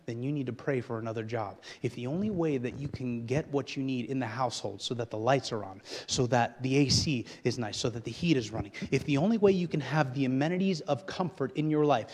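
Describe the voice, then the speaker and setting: A man preaching a sermon as pastor, swinging between quiet low asides and loud, rising, emphatic passages. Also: fairly quick, in a large hall.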